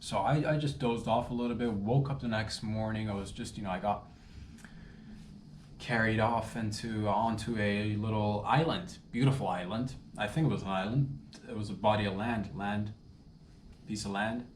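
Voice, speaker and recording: A man's voice: fairly low pitch, steady tone, normal speed, a little hiss or hum. A man riffing through a rambling, self-interrupting comic monologue in a playful tone. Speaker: comedian. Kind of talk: improvised comedic monologue. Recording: roomy echo with faint ambience.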